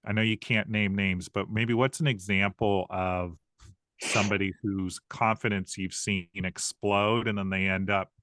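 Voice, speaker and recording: Low-voiced male podcast host. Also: fairly even intonation, unhurried, a bit bright, no echo. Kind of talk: interview questions.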